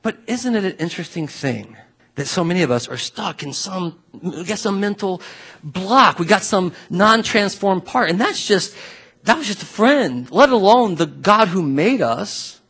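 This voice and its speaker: Husky high-voiced man preaching emphatically. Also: lively intonation, measured pace, a bit bright. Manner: emphatic, conversational preaching with repeated phrases. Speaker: pastor. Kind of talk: sermon.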